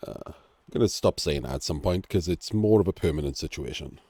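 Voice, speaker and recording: A man's voice: rumbling low, expressive, a little fast, mellow, breathy edge, dry recording. A Welsh man with a nasal, throaty voice, sick and coughing, chatting casually through a game analysis. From Wales. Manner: chatty, self-deprecating asides.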